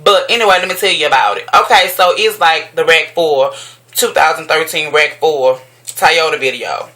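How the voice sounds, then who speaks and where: A woman ranting casually to camera at home, profane and sassy, jumping up high in pitch when she exclaims. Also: normal speed, pushed and bright. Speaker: vlogger.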